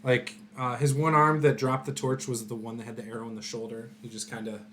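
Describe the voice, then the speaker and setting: A game master running a tabletop game session, describing events and giving rulings in a calm, matter-of-fact way. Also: medium pitch, a little fast, slight background noise.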